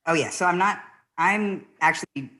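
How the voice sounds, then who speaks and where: A woman born in the Philippines performing a virtual stand-up set over a video call, rambling and giggling mid-sentence and dropping into soft, quiet asides. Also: on the low side, normal speed. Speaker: stand-up comedian.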